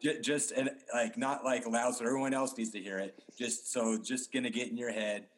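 A man's voice: medium pitch, level tone, normal speed. A man in casual basketball talk on a podcast, rambling with many restarts and fillers.

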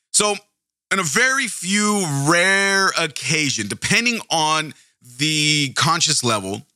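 Sharp-voiced rambling male podcast host. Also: medium pitch, no room sound, studio quality. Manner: rambling, self-interrupting, swears casually. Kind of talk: casual true-crime podcast narration.

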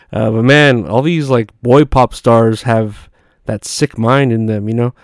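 A man's voice: medium pitch, a little slow, no room sound, studio quality. A man hosting a comedy podcast, rambling in a crude, sarcastic monologue with lots of fillers. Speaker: podcast host.

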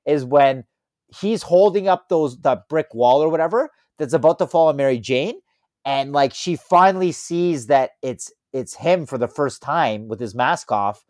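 A man's voice: on the high side, moderate pace, no room sound. Rambling man telling stories in a dry room. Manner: rambling, animated storytelling. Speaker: podcast co-host. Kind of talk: casual chat.

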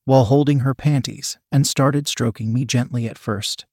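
A man narrating a first-person adult story in a plain, steady reading voice. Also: mid-range voice, normal speed, no echo, studio quality.

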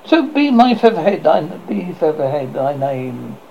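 Old witch woman, cackling and doting, put on by a male reader; gravelly, sharp, swooping pitch. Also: big pitch swings, unhurried, full character voice. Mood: fond. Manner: sharp high tone. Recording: dull lo-fi with faint noise.

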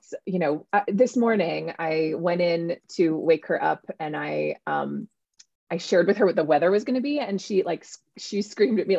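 Husky, gravelly-voiced woman talking casually. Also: lowish voice, moderate pace, no room sound. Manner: chatty and animated, many fillers. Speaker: author and guest. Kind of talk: casual interview conversation. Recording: dull, lo-fi sound.

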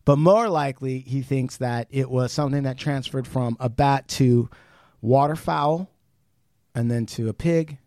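A man co-hosting a podcast, retelling a conversation in casual, animated chat, swearing freely and restarting sentences. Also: mid-range voice, unhurried, dry recording, studio quality. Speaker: podcast co-host.

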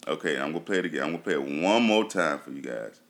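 Deep-voiced man chatting about TV shows. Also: expressive, fast talker, a bit bright. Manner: loose and chatty, many fillers and repeats. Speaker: TV show reviewer. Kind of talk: casual chat to viewers.

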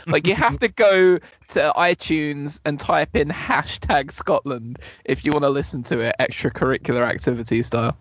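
A man's voice: a little high, normal speed, few pauses, a bit bright, dry recording. Wry man calling into a podcast. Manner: wry, swears casually. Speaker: podcast guest. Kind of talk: casual podcast chat. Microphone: on a remote line.

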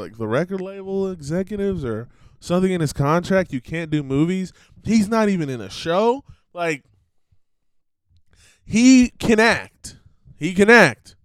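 A man's voice: high voice, a little mellow, no echo. A man hosting a show, giving rambling casual commentary and laughing between thoughts. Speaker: podcast host.

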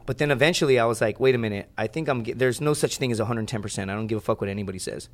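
Young man, podcast guest, casual storytelling, profane, rambling, animated. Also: mid-range voice, racing.

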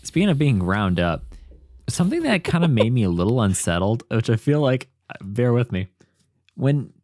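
A man in casual chat as a podcast co-host, animated and acting out lines he quotes. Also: medium pitch, moderate pace, no echo, studio quality.

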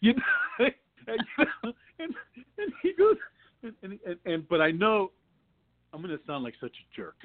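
A man's voice: high-pitched, wildly swooping pitch, normal speed, pauses often. A man, an actor guest, telling rambling anecdotes in a casual interview, full of restarts and laughs. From New York. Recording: tinny phone-like line.

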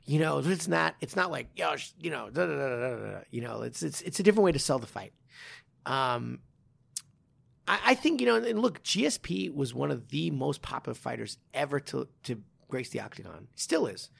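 A man with a strongly gravelly voice talks casually on a podcast, circling his points with restarts and quick laughs. His pitch moves around a lot as he goes. He sounds like a coach talking shop. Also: animated, a bit bright. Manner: rambling, many restarts and fillers, laughs often. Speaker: podcast co-host, martial arts coach.

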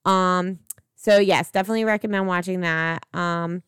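A young woman co-hosts a casual podcast, rambling happily through movie talk with plenty of ums and the odd curse. Her voice is strikingly smooth and clear. It sounds close and dry, with no room around it. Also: fairly low pitch, fairly even intonation, normal speed, fairly bright tone, no echo. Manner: chatty, rambling with many fillers and swearing. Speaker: podcast co-host. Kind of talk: casual chat about movies.

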